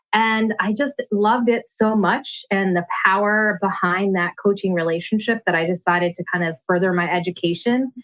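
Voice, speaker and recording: A woman's voice: lowish voice, rough recording. A woman who works as a life coach, talking openly and earnestly as a podcast guest. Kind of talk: casual interview chat.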